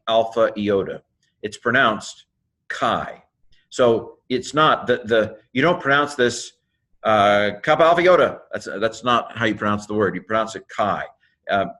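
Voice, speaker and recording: A man teaching New Testament Greek in a casual video lesson, naming the letters one at a time with fillers and quick asides to the viewer. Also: fairly low pitch, fairly bright tone. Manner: spells out Greek letters one by one, with many fillers and self-corrections.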